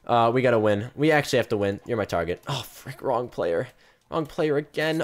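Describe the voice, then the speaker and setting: A young man streaming a video game and unboxing cases, excitable, swinging from hushed mumbling to loud yelps and repeating phrases in rapid strings. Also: mid-range voice. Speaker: gaming streamer. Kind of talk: live-stream case unboxing commentary.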